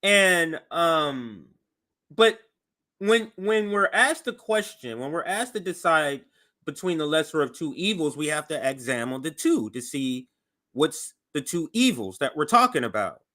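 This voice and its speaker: A man hosting a show, giving animated political commentary as he reacts to news clips. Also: on the high side, measured pace. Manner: animated and conversational, voice jumps up for emphasis.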